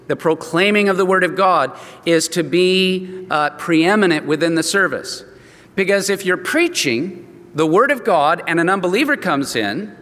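An older man, a pastor, preaching an expository sermon in a relaxed, conversational way and acting out the dialogue of his stories. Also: fairly high pitch. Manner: conversational, acts out quoted dialogue. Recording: long reverb from a large hall.

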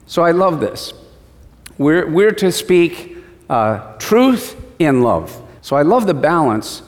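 A man preaching a sermon, asking the congregation questions and acting out short exchanges. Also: on the high side. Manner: asks the congregation questions, acts out short dialogues. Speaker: pastor. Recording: long hall reverb.

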